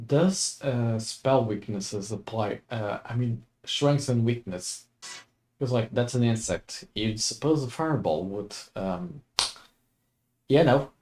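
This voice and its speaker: A man's voice: fairly low pitch, darkish tone. A young man chatting casually as he streams a game for the first time, laid-back and chuckling often. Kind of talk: casual let's-play commentary.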